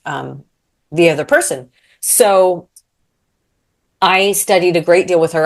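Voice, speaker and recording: A woman in her thirties, a podcast guest, telling a story in casual chat and acting out quotes, with many fillers. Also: low-pitched.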